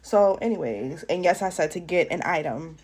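A woman's voice: fairly low pitch, lively intonation, moderate pace, darkish tone, slightly rough. A young woman hosting a casual storytime vlog, talking bluntly and profanely straight to her viewers. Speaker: podcast host. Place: at home doing makeup.

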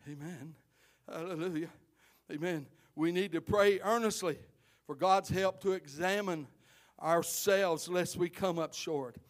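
A middle-aged man preaching a sermon as pastor, swinging from loud impassioned cries to quiet asides. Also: high voice, unhurried.

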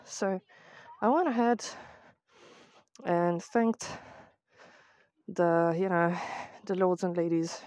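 A woman with a British accent talks on a walk outdoors, ranting with plenty of swearing and sarcasm. Her voice sits a little low. It is a casual voice memo on a phone, dry and close. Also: slow, long pauses, a little mellow, no echo. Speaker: vlogger. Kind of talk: casual voice-memo chat while walking.

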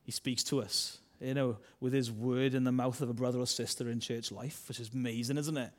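Male preacher, chatty sermon delivery, rhetorical tag questions, mid-pitched voice. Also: steady tone, brisk. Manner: conversational, asks rhetorical questions; acts out voices of biblical characters.

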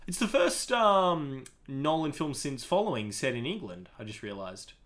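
Man, podcast co-host, bright voice, medium pitch, animated, casual film chat. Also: moderate pace. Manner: animated, enthusiastic, with frequent fillers.

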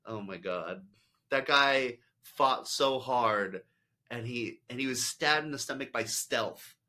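A man's voice: medium pitch, slow, sharp tone. A man hosting a casual podcast, rambling with lots of "like" and quoted asides. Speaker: podcast host. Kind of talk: casual chat.

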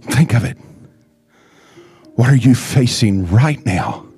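A man preaching a sermon in a church, calling the congregation to respond and often rising to shouts. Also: mid-range voice, animated, takes it slowly, husky, soft background music. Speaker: pastor. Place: church sanctuary.

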